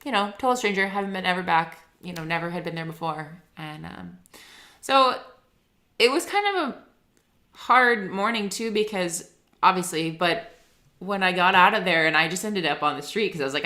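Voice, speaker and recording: A woman in her thirties speaks with a low voice but a bright, forceful edge. She talks as a guest songwriter in a loose, rambling chat, filling gaps with "like". She laughs easily and stays earnest. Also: animated, moderate pace. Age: 30s. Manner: rambling, heavy use of "like", laughs often; earnest and emotional. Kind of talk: casual interview chat.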